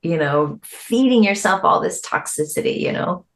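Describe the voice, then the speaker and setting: Low-pitched middle-aged woman, animated interview chat, pitch pops up when she quotes folks. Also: moderate pace. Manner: animated, jumps high when quoting people, laughs easily. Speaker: guest musician.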